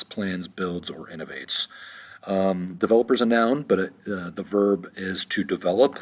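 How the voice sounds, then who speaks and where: A man teaching a vocabulary lesson in one unedited take, slow and deliberate with frequent ums and restarts. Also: low voice, a bit bright, slightly rough.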